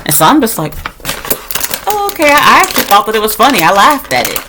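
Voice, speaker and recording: A woman from the United States vents straight to the camera in a casual storytime rant. She is blunt, sarcastic and heavily profane, and her voice sits at a middle pitch. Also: sing-song, rapid-fire, background noise. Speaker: vlogger.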